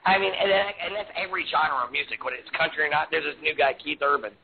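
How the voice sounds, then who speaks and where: A man's voice: on the high side, creaky. A man from upstate New York, a talk show host chatting casually, joking and swearing. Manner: profane, joking, fast-talking. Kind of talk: casual chat. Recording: tinny phone line with crowd noise.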